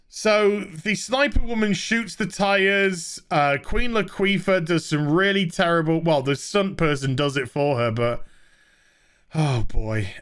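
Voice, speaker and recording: High, bright-voiced sarcastic male reviewer. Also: measured pace, clear, resonant tone. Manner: sarcastic, exasperated, swearing. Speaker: film reviewer. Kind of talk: comic rant review.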